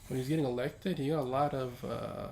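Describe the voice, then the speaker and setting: A man's voice: medium pitch, fast, gravelly, a little mellow, a little hiss or hum. A young man co-hosting a casual podcast chat, laid-back and hedging his opinions. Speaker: podcast co-host.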